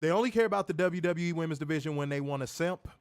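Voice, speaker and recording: A man's voice: fairly high pitch, racing, smooth. A man co-hosting a wrestling review show, reading comments and ranting casually with plenty of profanity. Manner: animated, profane, laughing rants.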